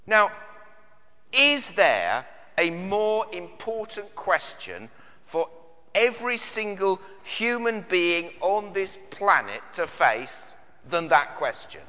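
A man's voice: high voice, sing-song, slow pace, pushed and bright, long reverb tail. A British man preaching a sermon in an earnest way, with many searching questions and frequent repeated words. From Britain. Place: church.

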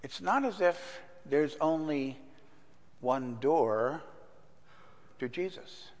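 An older man preaching a sermon in a church, telling a story in a relaxed, conversational way with fillers. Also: fairly high pitch, takes it slowly. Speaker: pastor. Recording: long reverb in a church hall.

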